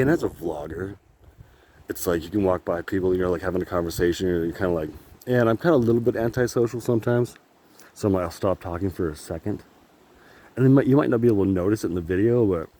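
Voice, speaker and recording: A man with a deep, mellow voice vlogs on his phone as he walks outside. He rambles candidly, laughing a lot and swearing casually, and the phone in his hand serves as the mic.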